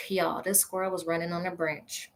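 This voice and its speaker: A woman hosting a show, telling a funny personal story in an animated, exclaiming way, talking straight to her listeners. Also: lowish voice, normal speed. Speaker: host.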